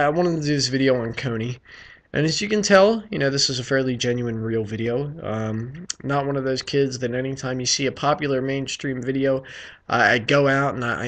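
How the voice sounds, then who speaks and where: A man's voice: mid-range voice, moderate pace, a bit bright. A man from the United States rambling through a casual opinion rant, profane and full of fillers and restarts. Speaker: vlogger.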